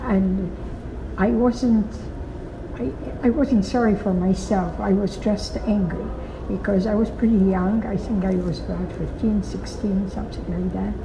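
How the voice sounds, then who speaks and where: Older woman with a gravelly voice. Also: medium pitch, fairly even intonation. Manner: slow, halting, emphatic storytelling. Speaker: Holocaust survivor giving testimony. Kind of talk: recorded testimony. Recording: echoey, muffled recording with noise.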